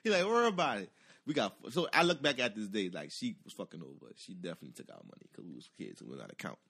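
A man telling a long personal story in casual chat, animated and profane, acting out the voices of the people in it. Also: low-pitched, very fast, gravelly, husky.

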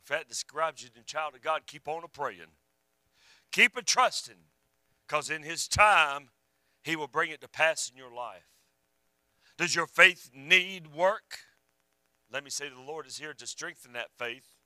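Man preaching, high bright voice, dry close sound, fervent then hushed. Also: lively intonation, a little slow, pauses often, no echo, rough recording. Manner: fervent, rising and falling, drops to a hush. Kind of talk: sermon.

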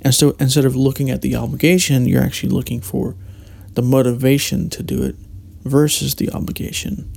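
A man's voice: mid-range voice, fairly quick, gravelly, few pauses, darkish tone. A man hosting a solo podcast, talking reflectively in a meandering way, with frequent restarts and hesitations. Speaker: podcast host.

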